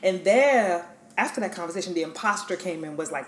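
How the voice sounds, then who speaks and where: Low-voiced woman giving a motivational talk. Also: expressive, fairly quick, a little hiss or hum. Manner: emphatic, encouraging, speaks straight to the listener. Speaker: podcast host. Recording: echoey room.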